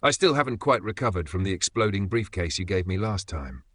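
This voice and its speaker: Man as a mock-suave bumbling spy, lowish, dry. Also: animated, fairly quick, a bit bright, no echo. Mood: deadpan. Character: bumbling male secret agent, smug.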